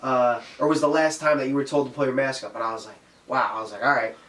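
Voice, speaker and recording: A man in casual podcast chat, telling an animated story. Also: medium pitch, fast talker, distant mic. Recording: echoey room, off-mic.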